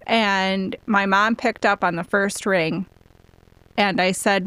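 A woman's voice: medium pitch, fairly even intonation, takes it slowly, a bit bright, clean tone, no echo. A young adult woman from Minnesota, a former student, recalling a school trip in a chatty, conversational way. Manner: conversational, with likes and you-knows. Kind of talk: interview recollection.

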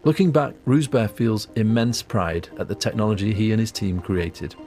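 Low-voiced man narrating a documentary. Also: mellow, faint music behind. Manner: measured, storytelling. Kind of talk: scripted narration.

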